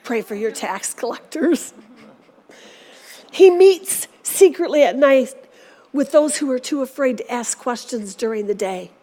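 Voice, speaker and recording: Woman preaching in church, high voice, earnest and exhorting. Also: expressive, measured pace, dark tone. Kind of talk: sermon.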